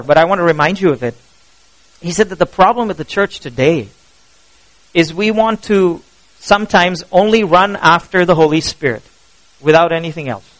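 A pastor preaching a sermon, animated and asking the congregation questions as he goes. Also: sits high, rough recording.

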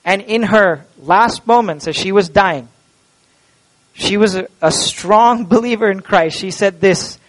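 A man preaching an Easter sermon in a church and leading a closing prayer, impassioned and swinging from loud to hushed. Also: sits high, unhurried, poor audio. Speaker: pastor. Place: church sanctuary.

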